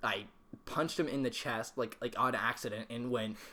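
A young man co-hosting a podcast, telling a story in an animated way, swearing freely and laughing as he talks. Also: medium pitch, normal speed, crowd noise. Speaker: podcast co-host.

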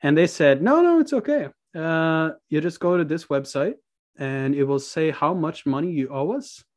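This young Norwegian podcast guest has a voice on the high side, a steady tone, and a moderate pace. He tells his story casually, laughing and cursing frequently along the way.

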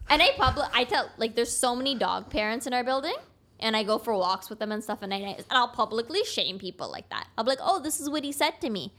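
Blunt, animated young woman telling stories. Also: on the high side, a little fast. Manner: blunt, animated storyteller acting out dialogue. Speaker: podcast guest, construction taper. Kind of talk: casual podcast chat.

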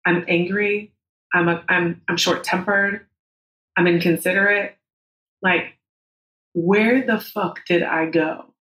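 A woman's voice: lowish voice, steady tone, takes it slowly, pauses often, fairly bright tone. Candid woman in her thirties, roomy sound. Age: 30s. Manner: candid and emotional, with frank swearing. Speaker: podcast guest. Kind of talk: personal storytelling in a podcast interview. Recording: roomy echo.

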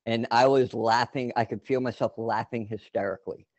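A man's voice: medium pitch, fairly even intonation, normal speed, darkish tone, no room sound. A man telling a long personal story in casual chat, rambling with many fillers and restarts.

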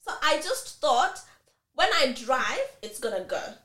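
Podcast co-host, woman, high bright voice, dramatic storyteller, echoey room. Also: very animated, a little slow. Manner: dramatic, swearing, acts out quoted people. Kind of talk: casual chat, animated storytelling.

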